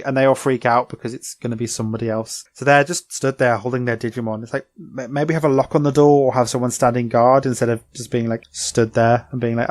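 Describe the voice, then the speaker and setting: A man chats through a cartoon episode recap, animated and full of fillers. His voice sits at an average pitch. The sound is dry and close, with no room around it. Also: a little fast, hardly any pauses, no room sound. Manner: chatty and animated, with many "like" fillers. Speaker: podcast co-host.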